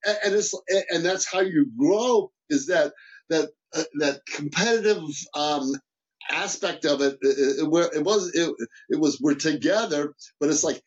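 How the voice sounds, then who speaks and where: Animated man, slightly high voice, dull audio. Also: normal speed. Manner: animated, frequent restarts and repeated words. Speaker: guest, business mentor. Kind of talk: casual interview talk.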